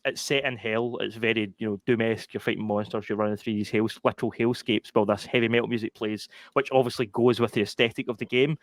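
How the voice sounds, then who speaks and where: A man's voice: medium pitch, no room sound. A man co-hosting a gaming podcast, talking in a loose, casual way. He laughs often and fills his speech with "um" and "you know." The sound is dry and close to the mic. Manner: chatty, laughs often, many fillers. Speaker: podcast co-host. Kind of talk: casual chat.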